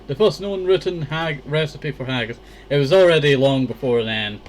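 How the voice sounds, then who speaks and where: A man's voice: a little high, normal speed, a little hiss or hum. Rambling Scottish man gaming. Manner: rambling, full of "you know" fillers. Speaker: let's play gamer. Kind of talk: casual gameplay commentary.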